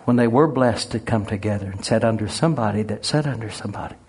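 A man preaches a sermon built around humorous stories, told in a folksy way, and he laughs at his own tales. His voice sits on the low side, darkish and slightly rough, and he speaks at a quick pace.

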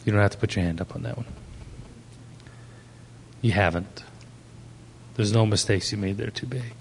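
A man's voice: on the low side, normal speed, gravelly, a little hiss or hum. A man preaching a sermon to young people, asking the audience questions and telling stories from his ministry. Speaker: pastor.

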